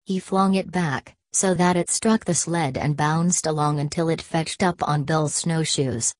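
A woman narrating an audiobook in a measured, plain storytelling manner. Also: low-pitched, fairly even intonation, no echo.

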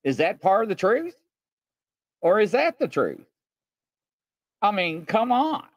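A man's voice: high-pitched, very animated, slow, no echo. A man co-hosting a true crime commentary, asking questions with disbelief. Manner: incredulous, questioning.

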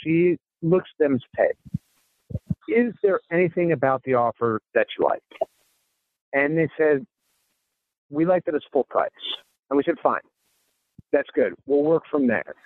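A man's voice: a little high, expressive, normal speed, pauses often, dry recording. Man telling a story over a tinny line. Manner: recounts dialogue in quoted snippets, frequent restarts. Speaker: podcast guest, real estate investor. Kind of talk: conversational storytelling. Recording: phone-like narrow sound, dry.

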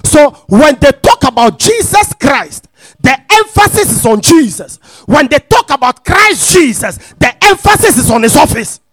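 A male preacher teaches slowly, repeating key phrases and asking if his listeners are following. His very high voice swings widely, climbing into shouted, sing-song peaks. The sound is dry and close. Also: big pitch swings, no echo, soft background music. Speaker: pastor. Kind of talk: sermon teaching.

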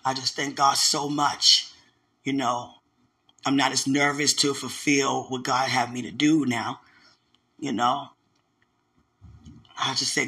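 A woman's voice: extremely low pitch, flat delivery, slow pace, pauses often, sharp tone. A woman giving a casual spoken testimony as a church member, telling stories animatedly and turning to the listener with preachy asides.

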